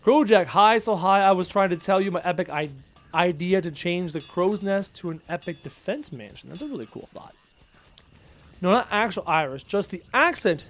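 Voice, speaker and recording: In his casual livestream, a male gamer with a high voice keeps a moderate pace. While playing, he jokes around animatedly and reads viewers' messages out loud.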